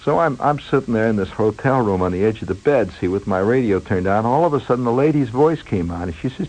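A man with a husky, fairly low voice spins a rambling, digressive yarn. His tone is wry and he chuckles between asides. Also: lively intonation, fast talker, hardly any pauses, a little mellow, dull audio. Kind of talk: rambling storytelling monologue.

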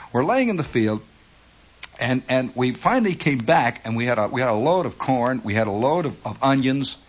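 A man telling a rambling, humorous story from his youth, with frequent asides and acted-out shouts. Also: on the high side, husky, lo-fi sound. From Indiana. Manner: animated, rambling, shouts and laughs for effect.

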